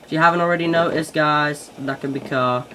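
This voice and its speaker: A young man giving excitable let's-play commentary, yelping and shouting at the game as he plays. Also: fairly high pitch, a little fast, a little hiss or hum. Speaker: gaming channel host.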